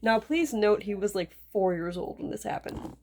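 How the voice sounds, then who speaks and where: A woman's voice: mid-range voice, expressive, normal speed, slight background noise. A woman telling a character's backstory in a casual, rambling chat. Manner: rambling, lots of fillers and restarts. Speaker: video creator discussing a character.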